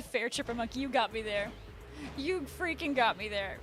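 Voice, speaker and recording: Chatting with her live-stream audience, a woman laughs a lot and addresses viewers by name. She has a fairly high, expressive, fairly bright voice at a moderate pace, with faint background music.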